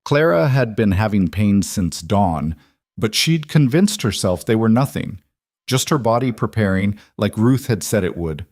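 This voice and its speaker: A man narrating a frontier romance audiobook in an even, measured storytelling manner. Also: fairly low pitch, no room sound, studio quality.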